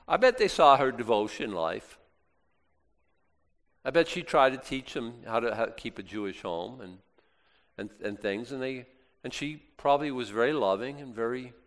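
A middle-aged man preaching a sermon in a conversational way, swinging between hushed and loud moments. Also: mid-range voice. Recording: long reverb in a large hall.

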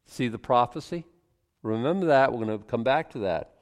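Animated preacher man in a reverberant hall. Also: medium pitch, moderate pace. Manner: animated, chuckles often, frequent restarts. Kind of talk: sermon with Bible reading. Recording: long reverb from a large hall.

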